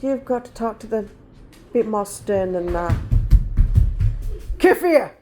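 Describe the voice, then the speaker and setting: A woman's voice: medium pitch, moderate pace, music in the background. A woman in her forties chatting casually to her viewers, blunt and rambling as she tells stories. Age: 40s. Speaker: vlogger. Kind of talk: casual chat.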